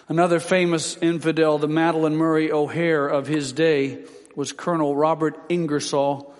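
A man's voice: fairly high pitch, flat delivery, moderate pace, big-room sound. A man preaching a sermon, reading out quotes in a solemn, dramatic way.

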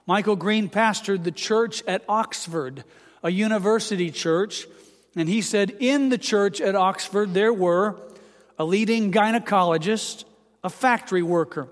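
A man preaching a sermon, earnest and measured, pausing dramatically around quotes. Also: high voice. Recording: long hall reverb.

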